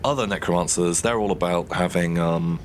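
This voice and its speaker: A man's voice: low voice, fairly quick, slight background noise. A man co-hosting a gaming video, rambling through a made-up story with lots of fillers. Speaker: let's play co-host. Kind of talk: casual gaming chat.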